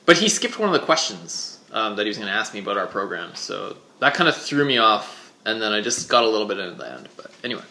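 A man's voice: lowish voice, sing-song, fast talker, reverberant, crowd noise. A man co-hosting a podcast in casual chat, laid-back and rambling, peppering his talk with "like" and swearing. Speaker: podcast co-host.

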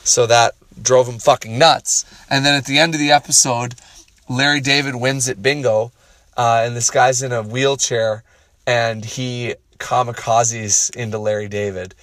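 A man's voice: lowish voice, fairly bright tone, dry recording. Profane, rambling man, dry close sound. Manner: profane, rambling, self-deprecating. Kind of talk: rambling casual monologue.

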